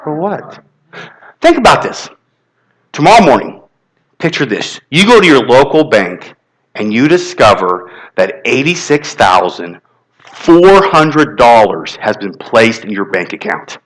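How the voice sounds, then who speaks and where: A man giving an inspirational talk to a congregation at a spiritual center, telling animated stories and leading call-and-response. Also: medium pitch, measured pace, low-quality recording. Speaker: guest motivational speaker.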